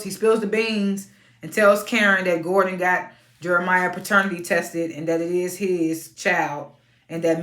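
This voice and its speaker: A woman giving a casual, outspoken recap of a reality TV episode, animated and prone to sudden high-pitched exclamations. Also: reverberant. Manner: informal and outspoken.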